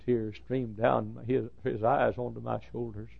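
A man in his fifties preaching a sermon, dropping to a hushed storytelling voice and then rising to fervent shouts. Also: mid-range voice, little pitch movement, unhurried, creaky, no echo, narrow, tinny audio. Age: 50s. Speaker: pastor.

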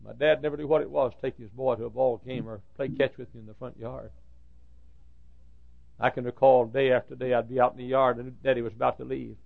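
A man in his fifties preaching a sermon, dropping to a hushed storytelling voice and then rising to fervent shouts. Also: medium pitch, steady tone, brisk, gravelly, no echo, phone-quality sound. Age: 50s. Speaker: pastor.

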